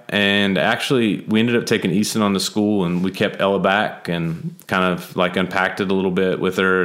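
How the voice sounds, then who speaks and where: A man's voice: lowish voice, fairly bright tone. A man in his thirties, a father, candidly telling a personal story in casual conversation, with frequent "like" fillers.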